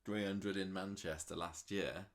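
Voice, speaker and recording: A man's voice: deep voice, fairly even intonation, unhurried. A man co-hosting a soap recap podcast, chatty and sympathetic as he walks through the plot. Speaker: podcast co-host. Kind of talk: casual soap recap chat.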